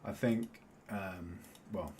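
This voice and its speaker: A man's voice: deep voice, steady tone, slow pace, a little mellow, slight background noise. A man streaming a building game, thinking aloud as he works. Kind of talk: casual gameplay commentary.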